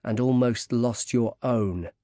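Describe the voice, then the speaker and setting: A man's voice: mid-range voice, slow, mellow, dry recording, clean studio sound, close to an everyday voice. A man voicing a stern female police inspector who speaks coldly and curtly. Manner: cold, clipped.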